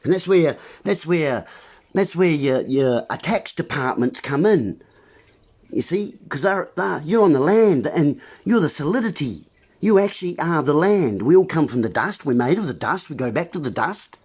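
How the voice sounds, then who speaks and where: New man, livestream host, husky and highish, very up-and-down delivery, punning ramble. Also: expressive, normal speed, a little mellow. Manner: meandering, punning wordplay, addresses listeners as folks.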